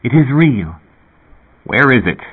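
A calm, cryptic young girl, as a man reads her part. She teases in slow, rising lines, and the voice sounds husky. The audio is thin and tinny, like a phone line. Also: mid-range voice, voice pushed up, heavily acted.

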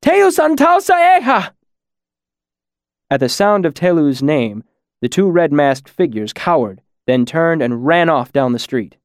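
A man reading a first-person story aloud in a measured way, dropping quieter on the darker lines. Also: medium pitch, dry recording, studio quality. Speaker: audiobook narrator. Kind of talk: scripted first-person narration.

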